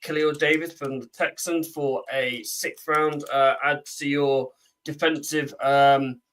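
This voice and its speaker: A man's voice: on the high side, level tone, slow, a bit bright, smooth, distant mic, rough recording. A man from the UK co-hosting a podcast, reading out the week's news in a chatty way with many ums. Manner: chatty, with frequent ums and uhs while reading. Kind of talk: casual chat.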